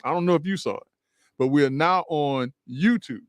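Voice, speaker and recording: A man's voice: a little high, moderate pace, dry recording, studio quality. A man co-hosting a radio talk show, earnest, restarting often and stacking points in repeated phrases. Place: radio studio.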